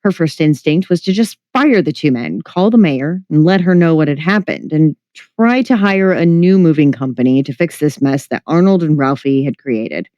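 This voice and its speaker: Fiction narrator, even delivery, mid pitch, dry muffled recording. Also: moderate pace, hardly any pauses, no echo. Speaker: story reader. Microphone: home mic, livestream.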